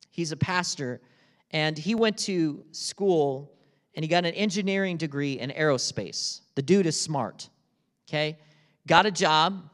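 Animated man preaching a conversational sermon. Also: fairly high pitch, big-room sound. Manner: conversational, animated storytelling with rhetorical questions. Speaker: pastor.

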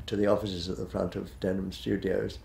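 A man's voice: low-pitched, little pitch movement, a little fast, gravelly, a little mellow, echoey room, a little hiss or hum. A man in his eighties, a retired television director, reminiscing in an interview in a rambling, hesitant way, full of fillers and restarts. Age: 80s.

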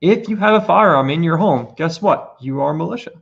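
A man's voice: on the high side, expressive, a little fast, vocal fry, husky. A man presenting his points earnestly on a casual podcast, building emphasis as he goes. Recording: lo-fi muffled audio.

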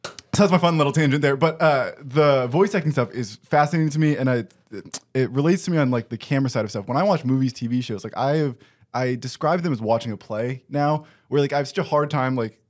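A young male podcast host with an ordinary mid-range voice. He talks quickly and chats casually. His tone is easygoing and self-deprecating, and he laughs readily. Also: medium pitch. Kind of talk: casual conversational interview.

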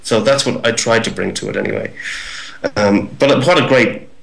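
A middle-aged male actor in a casual interview, telling behind-the-scenes stories in a lively way. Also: lowish voice, normal speed, vocal fry, low-quality recording. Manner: lively storyteller, acts out voices. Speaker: actor guest.

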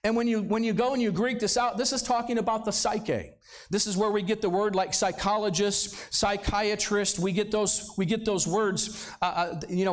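A male pastor preaching a sermon in a church service, talking conversationally and throwing rhetorical questions at the congregation. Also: high-pitched. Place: church sanctuary, live service.

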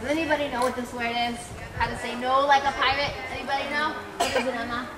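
A woman performing as a pirate for preschoolers, calling them "mates" in a sing-song, coaxing way and getting them to shout pirate words. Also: sits high, steady tone, fast. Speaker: pirate-themed children's entertainer. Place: outdoors at a field-trip venue. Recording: noisy, echoey outdoor home video. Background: loud crowd of small children.

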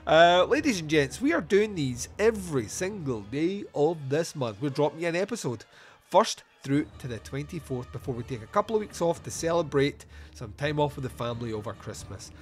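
A man's voice: on the high side, sing-song, normal speed, faint music behind. A man hosting a podcast who reviews a film in a casual, joking and profane way. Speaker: podcast host.

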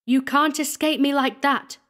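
A woman's voice: high voice, fairly even intonation, slow, bright, forceful tone, voice pushed up, full character voice. A woman voicing a stern, commanding young squire who confronts a thief. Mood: commanding shout.

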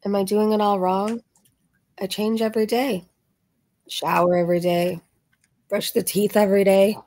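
A woman's voice: medium pitch, level tone, normal speed, a little mellow. A woman hosting a reaction channel, chatty and sarcastic, laughing often, her voice a little strained. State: voice slightly strained from screaming. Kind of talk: casual reaction commentary.

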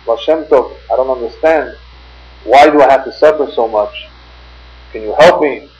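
A man's voice: mid-range voice, moderate pace, darkish tone, highs cut off, close to an everyday voice. A man lecturing voices a poor, struggling man who pleads for help, told inside a spoken story. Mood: pleading. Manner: bewildered, pleading.

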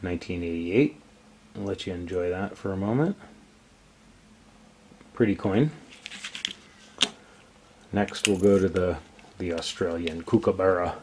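A man's voice: deep voice, measured pace, long pauses, noisy background. A man hosting a casual coin collecting vlog, chatty and enthusiastic as he shows his pieces. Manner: relaxed, chatty, enthusiastic about coins. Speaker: coin collecting channel host. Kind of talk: casual show-and-tell vlog.

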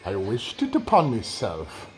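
Cheeky Irish leprechaun voiced by a man, high lilting brogue, slow and teasing. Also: wildly swooping pitch, darkish tone, soft background music. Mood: sly. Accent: put-on Irish. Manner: high sing-song brogue.

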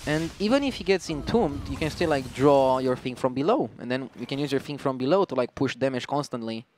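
A man with an Eastern European accent doing relaxed, chatty commentary on a card game match. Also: medium pitch, fairly quick, slight background noise. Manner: relaxed, chatty, laughs often. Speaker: esports caster.

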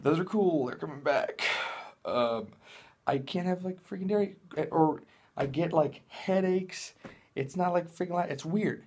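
A man's voice: a little high, unhurried, darkish tone, a little hiss or hum. A young man doing a casual vlog in a hyper, jokey, rambling way. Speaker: vlogger.

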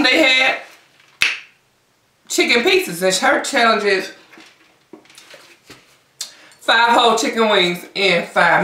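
A mukbang vlogger talks straight to her audience in a casual eating show, her medium-pitched voice bright and forceful. She's recorded from a distance in a room with echo.

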